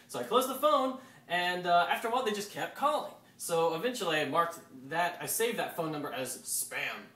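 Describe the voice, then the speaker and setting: Animated man telling a story, roomy. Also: fairly high pitch, far from the mic. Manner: animated, acts out quotes. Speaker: storyteller on a talk show. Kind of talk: casual anecdote telling.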